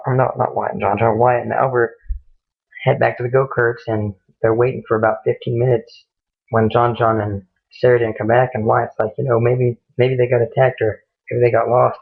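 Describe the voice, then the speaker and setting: A man's voice: mid-range voice, little pitch movement, normal speed, gravelly, slightly rough. A young man casually retelling a gory horror story, rambling and swearing, slipping into the characters' lines without changing his voice. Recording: muffled phone-like audio.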